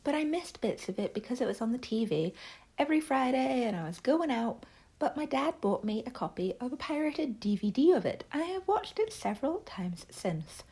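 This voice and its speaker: A young woman giving a casual video review, chatty and enthusiastic, with breathy whispered asides. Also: high voice, very animated, moderate pace, darkish tone. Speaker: book and TV reviewer.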